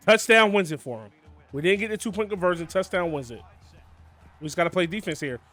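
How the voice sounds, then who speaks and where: A young man giving casual, excitable play-by-play commentary on his football video game, often calling out to "boys" and "man". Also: high voice, brisk, soft background music. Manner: excitable, hypes big plays, keeps saying "boys" and "man". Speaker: gaming YouTuber.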